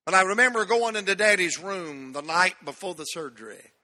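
A high-pitched man with a bright, ringing voice, preaching a sermon. He tells folksy stories and stretches out key words for emphasis. His voice carries a long reverb through a church hall. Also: expressive, a little fast. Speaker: pastor. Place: church sanctuary.

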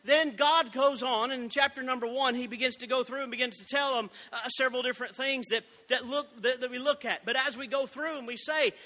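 Guy preaching a sermon, super bright sharp tone, slows right down on the verses. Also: very high voice, steady tone, long reverb tail. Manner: emphatic preaching, slows to stress scripture.

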